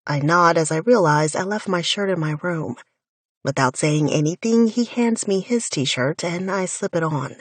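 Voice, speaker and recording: A woman reads a first-person romance aloud in an intimate, wry inner-monologue style. Her voice is lowish and husky with breath in it, and she takes her time. The sound is dry and close, from a studio mic. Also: measured pace, dry recording. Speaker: audiobook narrator.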